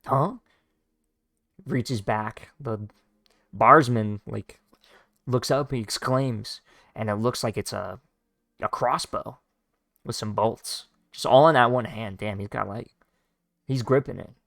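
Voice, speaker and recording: A man casually reading a comic aloud, describing the panels in an informal, halting way with many fillers. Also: on the low side, creaky, a bit bright, no room sound, clean studio sound. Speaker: read-along narrator. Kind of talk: casual read-along of a comic.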